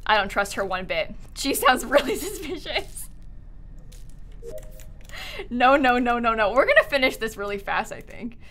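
Woman streamer, animated, very lively pitch. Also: normal speed, long pauses. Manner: animated, shrieks and laughs while playing. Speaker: streamer and host. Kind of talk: casual game chat with friends.

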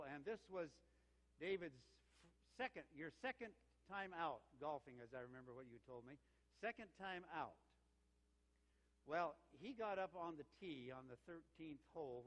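Older male pastor, echoey sanctuary. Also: fairly high pitch. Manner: warm storytelling with lively quoted exchanges. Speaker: interim senior pastor. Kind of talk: sermon with anecdote. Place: church sanctuary. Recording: reverberant church sanctuary.

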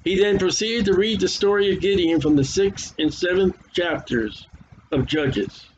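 A man's voice: high-pitched, normal speed, a little hiss or hum. A man preaching a sermon and reading scripture aloud, talking casually and stumbling over hard names, his voice worn. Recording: dull lo-fi recording.

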